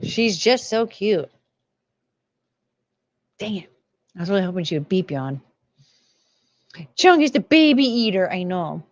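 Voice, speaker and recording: A young woman streaming a casual chat, talking to her dogs in a high baby-talk voice between plain remarks. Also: big pitch swings, moderate pace, pauses often, lo-fi sound.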